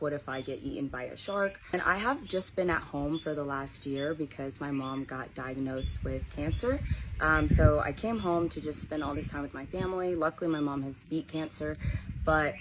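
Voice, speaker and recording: A young woman telling a personal story in a casual vlog, acting out the voices of people she quotes. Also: low voice. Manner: animated, acts out quoted voices. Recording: noisy background ambience.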